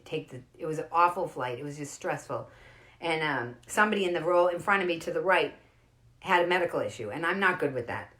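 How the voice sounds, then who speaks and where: A woman hosting her own show, chatting casually and acting out the voices in her stories. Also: a bit bright. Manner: chatty storyteller, acts out quotes with pitch jumps. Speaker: host. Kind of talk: casual monologue.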